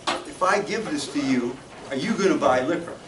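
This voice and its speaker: A man's voice: a little high, expressive, normal speed, roomy sound, recorded from a distance, background noise, close to an everyday voice. A man telling a joke and voicing a skeptical passerby who questions a homeless man in a dry tone. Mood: questioning. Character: skeptical working man handing out cash.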